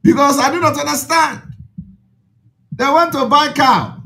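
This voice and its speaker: A man's voice: very high-pitched, a little slow, creaky, sharp tone, slight background noise. A man with a Nigerian accent, an Igbo speaker, addresses his followers in an impassioned, repetitive, preaching way.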